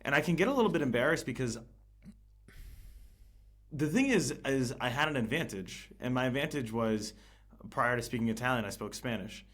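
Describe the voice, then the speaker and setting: A man in casual podcast conversation, talking in a halting way with many restarts and fillers. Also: medium pitch, animated, a bit bright. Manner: hesitant, many restarts and fillers, laughs easily. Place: living in Italy.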